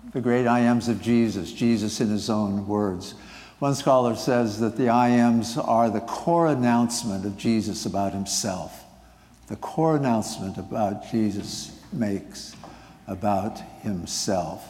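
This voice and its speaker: A man's voice: medium pitch, darkish tone, long reverb tail. A male pastor preaching a sermon, speaking emphatically and repeating his key phrases. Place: church sanctuary.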